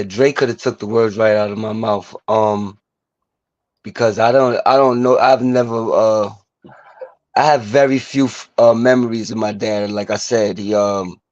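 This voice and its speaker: A man sharing his story as a guest, halting and searching for words. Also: on the low side, little pitch movement, darkish tone, dry recording. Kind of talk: emotional personal sharing. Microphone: video call. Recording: dull, dry video-call audio.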